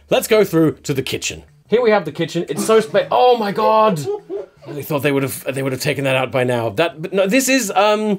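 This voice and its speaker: A man improvising a nervous, pushy male estate agent rattling through a house tour. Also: high-pitched. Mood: eager. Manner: flustered, over-eager salesman patter. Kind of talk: improvised comedy presentation.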